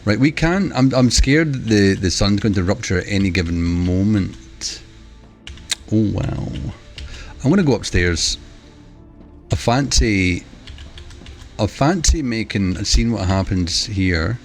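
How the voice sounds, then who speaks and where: A man's voice: fairly low pitch, expressive, slow, long pauses, faint music behind. A man rambling and joking with his chat while live-streaming a game, wearing a headset. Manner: rambling, jokey, talks to chat. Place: home room.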